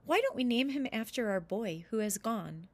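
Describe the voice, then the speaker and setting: A woman voicing a determined, warm old mother in a folk tale. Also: on the high side, lively intonation, normal speed, dry recording. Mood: firm.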